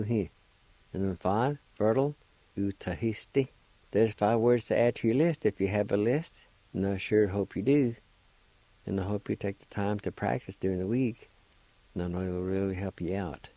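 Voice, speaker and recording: A man hosting a radio language lesson, spelling out words letter by letter and repeating each pronunciation slowly and deliberately. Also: on the low side, creaky, warm tone, no room sound, low-quality recording. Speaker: radio host teaching vocabulary.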